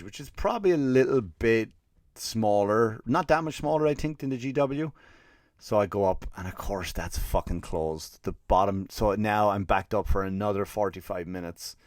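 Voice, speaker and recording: A man's voice: fairly low pitch, no room sound, clean studio sound. An Irish man, a comedian hosting his podcast, tells a comic story in a profane, exasperated rant and acts out the people in it. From Ireland. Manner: profane, exasperated ranting with acted quotes.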